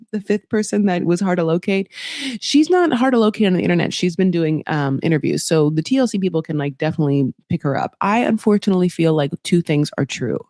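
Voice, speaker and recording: A woman's voice: medium pitch, darkish tone, no echo, studio quality. A woman hosting a podcast, recapping reality TV in a chatty, gossipy way, full of asides and quoted voices. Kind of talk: casual chat.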